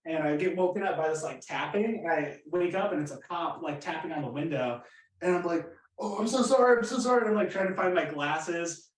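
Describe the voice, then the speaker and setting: A man's voice: a little high, fairly quick. A young man, a rock band member, telling a tour story in an easygoing, chatty way with ums and laughs. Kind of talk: casual anecdote telling. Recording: roomy echo, mic at a distance.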